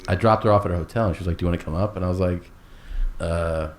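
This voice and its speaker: A man with a very deep voice spins a casual, meandering anecdote, swearing freely. He acts out each exchange with "I was like" quotes. A faint hiss sits under the voice. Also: steady tone, racing. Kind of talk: casual storytelling chat.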